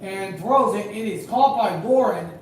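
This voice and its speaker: A man calling a game live in casual play-by-play, rambling and hedging with fillers, growing excited on big plays. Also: high-pitched, a little slow. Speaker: amateur game commentator and high school official. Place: at home at night. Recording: very echoey room, distant mic, faint noise.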